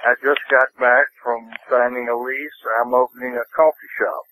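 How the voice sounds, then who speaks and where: An older man from Nashville, telling stories as an interview guest in an unhurried, rambling way. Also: mid-range voice, level tone, bright, forceful tone, no echo, poor audio. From Nashville, Tennessee. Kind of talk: casual interview.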